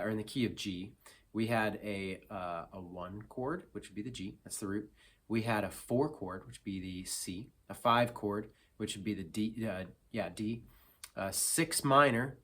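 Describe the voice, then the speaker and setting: A lowish male voice walks through a guitar lesson, easygoing and a little self-mocking, counting beats out loud. Acoustic guitar playing is clearly heard behind him. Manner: relaxed and self-deprecating, with frequent fillers and counting aloud. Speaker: guitar teacher. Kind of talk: casual instructional talk.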